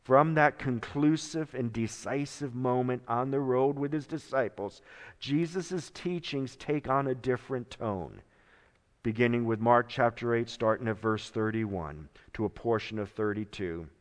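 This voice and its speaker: Slow, dramatic preacher in a reverberant hall. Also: male voice, mid-range voice. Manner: slow and dramatic, swinging from hushed to loud. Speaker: pastor. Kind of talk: sermon.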